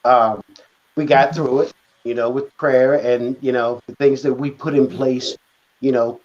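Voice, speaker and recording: Man, interview guest, hesitant, reflective, mid pitch, dull lo-fi audio. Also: steady tone, unhurried, darkish tone. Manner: hesitant, many filler words, reflective. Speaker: guest author. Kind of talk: conversational interview.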